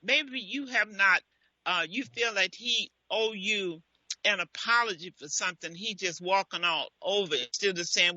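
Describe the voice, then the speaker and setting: A woman's voice: mid-range voice, normal speed, sharp tone, dry recording, lo-fi sound. A woman hosting a radio advice show, speaking bluntly and giving frank relationship advice in a casual talk style.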